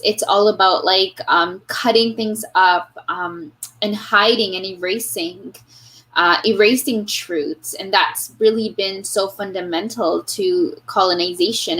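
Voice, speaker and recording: Heard on a low-quality recording, this Canadian-accented woman is an elementary teacher giving an interview as a guest. Her medium-pitched voice has a fairly bright tone, and she talks earnestly and reflectively, often restarting and using fillers as she thinks things through.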